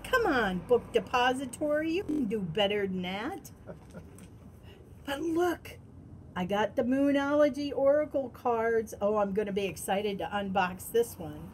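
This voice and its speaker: Female vlogger, slightly high, unhurried, gushing unboxing delivery, faint background noise. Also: animated, a little mellow, rough recording. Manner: gushing, gasping, breaks into delighted exclamations. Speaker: tarot channel host. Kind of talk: unboxing vlog.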